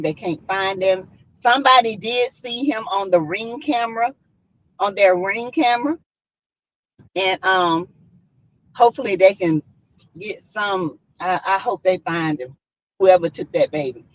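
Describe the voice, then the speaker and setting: A woman's voice: mid-range voice, a little slow, no room sound, highs cut off. A woman with a Southern US accent, hosting a casual chat and telling a story dramatically. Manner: animated, dramatic, acts out quotes. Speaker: vlogger host.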